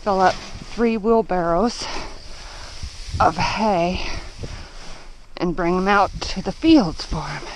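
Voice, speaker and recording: A woman's voice: on the low side, expressive, slow, long pauses, low-quality recording. A woman vlogging her morning farm chores, out of breath as she works, cooing to her animals in a baby voice, recorded outdoors on a handheld camera. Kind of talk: casual vlog narration. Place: outdoors on a muddy farm with horses. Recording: clear background noise outdoors.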